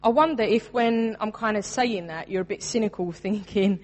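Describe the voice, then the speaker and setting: Woman, 30s, preacher; mid pitch, earnest emphatic sermon delivery, long hall reverb. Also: normal speed, few pauses. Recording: long reverb in a large room.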